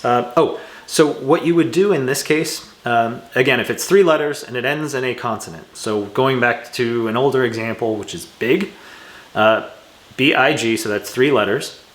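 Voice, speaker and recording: A man's voice: medium pitch, moderate pace, roomy sound. A man teaching an English grammar lesson in a casual way, making self-mocking asides as he writes on screen. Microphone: external shotgun microphone.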